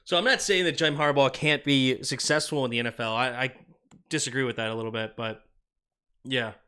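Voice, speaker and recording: In a brisk, fairly even mid-range voice that sounds sharp, clear and resonant, a male host runs a live stream. He calls football plays in short clipped phrases and chats about viewer comments, reading them out and answering.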